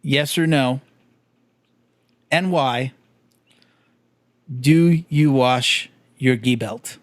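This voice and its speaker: A man hosting a podcast, asking questions in a relaxed, easygoing way. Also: medium pitch, very slow, no echo, clean studio sound. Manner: relaxed, laughs easily, asks questions. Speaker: podcast host. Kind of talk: casual podcast interview.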